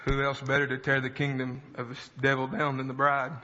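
A man's voice: medium pitch, monotone, fairly quick, noisy background. A man preaching in a church service, folksy and chuckling between lines. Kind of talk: sermon. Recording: lo-fi recording in a reverberant church with a congregation.

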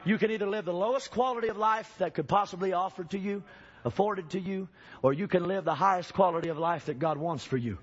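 A man preaching a sermon in a church, emphatic, swinging from shouting to low urging and calling out to the congregation. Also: quick pace, lo-fi sound.

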